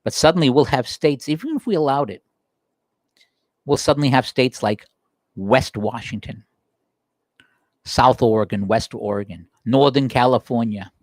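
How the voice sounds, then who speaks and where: A man hosting a political livestream, delivering a heated, emphatic monologue that climbs in pitch as he gets worked up. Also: moderate pace, pauses often, darkish tone, no room sound, studio quality. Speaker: political talk show host. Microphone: livestream desk microphone.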